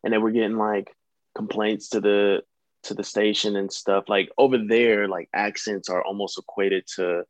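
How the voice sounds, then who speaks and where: A man's voice: lowish voice, flat delivery, normal speed, no echo. A young adult man from the United States, an actor talking casually as a guest, rambling and hesitant, with many restarts. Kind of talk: casual conversation.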